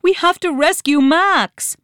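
A woman's voice: very high-pitched, slow, a bit bright, no room sound, clean studio sound, voice pushed up, exaggerated voice. A woman voicing a brave young girl twin who calls out urgently and pleads.

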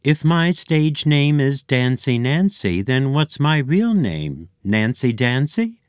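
A man's voice: medium pitch, very animated, slow, clean tone, dry recording, clean studio sound, voice pushed up. A man voicing a bossy, fierce young girl who speaks sharply in a storybook. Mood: indignant. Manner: sharp, demanding.

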